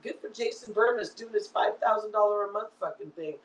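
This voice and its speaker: A woman in her fifties hosts an online livestream, ranting angrily, repeating herself and swearing often in an emotional outburst. Her medium-pitched voice is fairly quick. The audio is poor, with an echoey room, a distant mic and slight background noise.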